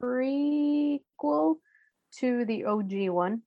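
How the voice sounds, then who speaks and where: Young woman chatting about games, fry in her voice, laid back. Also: sits high, extremely slow, dull audio. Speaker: podcast co-host. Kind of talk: casual chat about video games.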